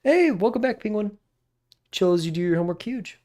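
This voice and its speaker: A young man in his twenties who streams his drawing sessions, with a high, expressive voice that's brisk and warm. He talks casually and rambles, often laughing at himself.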